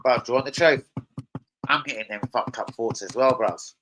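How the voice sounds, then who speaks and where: A man's voice: medium pitch, normal speed, a bit bright, a little hiss or hum, rough recording. A man hosting a casual fan live stream, crude and rowdy, joking with his chat. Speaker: fan channel host. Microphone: streaming setup.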